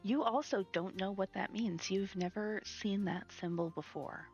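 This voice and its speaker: A woman's voice: medium pitch, normal speed, darkish tone, highs cut off, soft background music. Giggly woman game master. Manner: laughs often, many fillers. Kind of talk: narrating a tabletop game. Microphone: streaming mic.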